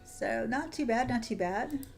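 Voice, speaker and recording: While playing a game on stream, a woman chats casually and affectionately with her viewers, calling them sweetie and hon. Her fairly high, creaky voice has a darkish tone and a measured pace, with soft music in the background.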